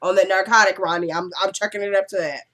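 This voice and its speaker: A woman's voice: medium pitch, fairly even intonation, fast, a bit bright. Woman vlogger with a cold, casual recap, chatty, quotes the characters. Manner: chatty, acts out characters' lines while retelling. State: coughing, has a cold. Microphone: camera.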